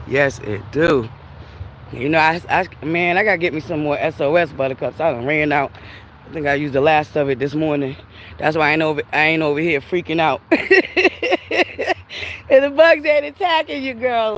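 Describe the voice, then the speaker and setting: This livestream host strolls by a river chatting casually with viewers, whom she calls Buttercups, laughing often and a bit winded from the heat. Her voice is low and animated. There's a faint hiss or hum.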